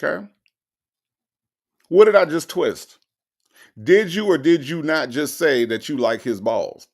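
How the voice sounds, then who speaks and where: A man's voice: fairly high pitch, a little slow. A man hosting a show, mocking and emphatic as he reacts to recorded calls and reads viewer comments aloud.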